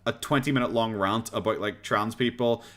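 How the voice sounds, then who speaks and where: A man's voice: on the low side, moderate pace, fairly bright tone. An Irish man chatting casually as a streamer reacting to videos, rambling, swearing and laughing often. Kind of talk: casual chat.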